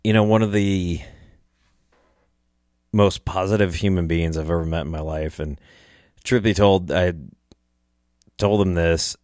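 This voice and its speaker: Deep-voiced man telling a rambling story. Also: fairly even intonation, unhurried, long pauses, a little mellow, no room sound, clean studio sound. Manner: rambling, chuckling, with frequent restarts and swearing. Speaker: podcast host. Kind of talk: casual storytelling.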